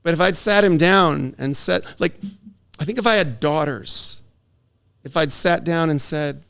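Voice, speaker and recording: A middle-aged divorce attorney, appearing as a podcast guest, chats casually and tells animated stories, acting out the voices of people he quotes. His voice is fairly high-pitched and unhurried, with vocal fry and a clear, resonant tone.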